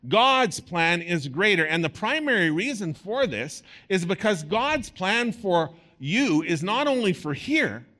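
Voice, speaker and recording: A man preaching a sermon to a congregation, animated and playful, with bursts of sports-commentator delivery. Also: sits high. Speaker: pastor.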